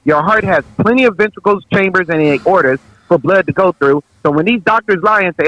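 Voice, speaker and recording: A man giving a preachy, forceful talk on health as a guest naturopath. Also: high voice, expressive, fairly quick, hardly any pauses, no echo, rough recording.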